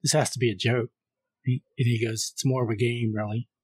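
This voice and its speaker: Husky man retelling a movie plot. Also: mid-range voice, fairly quick. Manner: retells a film scene by scene, reading the caller's lines flatly. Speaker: podcast co-host. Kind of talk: casual film recap.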